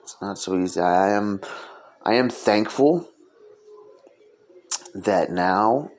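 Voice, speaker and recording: A man's voice: lowish voice, animated, slow pace, a little mellow. A man hosting his own podcast, talking earnestly in a loose, casual way with frequent "um" fillers. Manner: earnest, sincere delivery. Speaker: podcast host. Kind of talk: casual solo podcast monologue.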